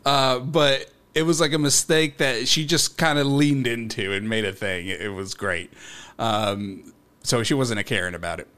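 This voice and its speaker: Male podcast co-host, middle pitch, casual reader who stumbles and giggles. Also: normal speed, a bit bright. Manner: laughing, loose, swears, stumbles over words while reading. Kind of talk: casual chat, reading a news story aloud.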